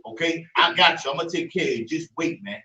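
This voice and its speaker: A man's voice: on the high side, fast, bright, forceful tone. A man in a casual scripture discussion, speaking in slangy, easygoing talk and calling others "man". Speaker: member of a religious group discussion. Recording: far, echoey, dull-sounding room mic.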